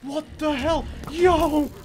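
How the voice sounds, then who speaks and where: Excitable gamer with a high voice. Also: poor audio. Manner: excitable, jokey, loud outbursts. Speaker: let's play gamer. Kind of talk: gameplay commentary.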